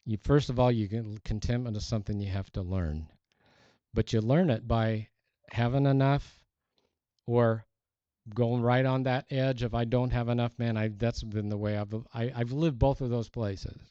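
A man's voice: mid-range voice, fairly even intonation, normal speed, dark tone, dry recording, lo-fi sound. A man preaching a sermon in an earnest, emphatic way, reading scripture aloud.

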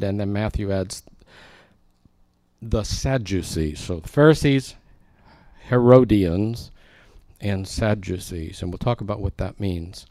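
A man with a fairly low voice teaches through a scripture passage, chatting with his listeners and tossing in jokes. The sound is dry and close, with little room around it. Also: takes it slowly, warm tone, dry recording. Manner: conversational, joking asides to the congregation. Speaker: pastor. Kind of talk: expository sermon.

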